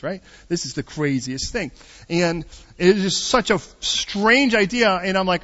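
A middle-aged man preaching a storytelling sermon, joking and swinging between loud bursts and hushed asides. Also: on the high side, fast talker. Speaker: pastor. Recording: dull lo-fi sound.

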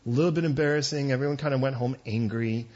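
A man preaching a sermon as pastor, conversational with joking asides and quick digressions. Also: mid-range voice, darkish tone, muffled recording.

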